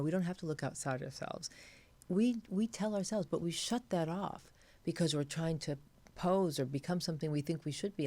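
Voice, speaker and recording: A woman in midlife talks through an interview in a gravelly voice that rasps at the bottom of her range. She tells stories with energy and slips into the voices of the people she quotes. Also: low voice. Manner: animated storyteller, acts out quotes. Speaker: interview guest. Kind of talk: casual interview chat.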